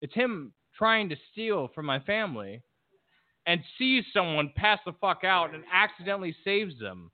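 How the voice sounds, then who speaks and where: A man's voice: high voice, big pitch swings, normal speed, no echo. A man talking bluntly and emphatically in a casual discussion, swearing freely. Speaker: podcast guest. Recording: tinny phone-like call audio, dry.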